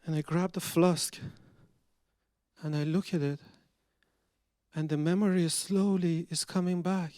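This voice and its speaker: A man from Iran, performing a personal story on stage and acting out the dialogue with swings between loud and hushed delivery. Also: fairly high pitch, flat delivery, unhurried, long pauses, no room sound, clean studio sound.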